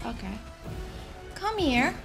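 A woman's voice: sits high, big pitch swings, slow, creaky. A woman streamer giving let's-play commentary, reacting emotionally and swearing at the characters. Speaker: gaming streamer. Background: loud game audio and music.

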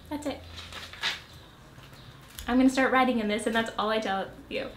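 A woman's voice: a little high, steady tone, normal speed, long pauses, reverberant, soft background music. A woman in her late twenties, a vlogger who casually reads from her childhood diary and keeps breaking into giggles. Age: late 20s. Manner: giggly, laughs between lines.

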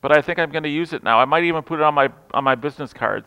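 Male pastor, fairly high and crisp, storytelling sermon with humor, in a church hall with long reverb. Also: moderate pace. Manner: storytelling with humor, swings from loud to hushed. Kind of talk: Christmas Eve sermon. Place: large church sanctuary.

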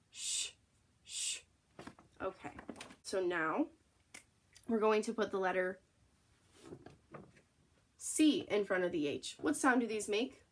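A young woman teaches children letter and spelling sounds in a slow, encouraging way. She sounds out each letter and praises the class often. Her voice sits at a medium pitch. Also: husky. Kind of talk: phonics lesson for young children.

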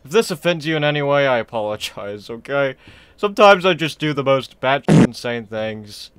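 Rambling, excitable young male gamer. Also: medium pitch, moderate pace, heavy background noise. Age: young adult. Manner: rambling, self-deprecating, excitable. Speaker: gaming channel host. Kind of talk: casual let's-play commentary.

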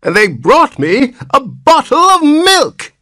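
A man voicing a cranky, ancient old man newly born as a baby, with a cracked, whining voice that turns shrill. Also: wildly swooping pitch, slow pace, pushed and bright, no room sound, clean studio sound, full character voice. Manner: querulous whine, rising to shrill protest.

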